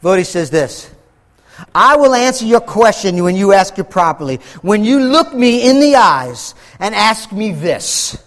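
A man preaching a sermon as pastor, slowing down for heavy emphasis and acting out quoted voices. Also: high-pitched, big pitch swings, fairly bright tone, long reverb tail. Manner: preaching with dramatic slow emphasis and acted quotes.

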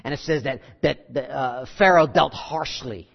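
A man's voice: medium pitch, moderate pace, creaky, lo-fi sound. A middle-aged male pastor preaching a conversational sermon and acting out the scenes he tells.

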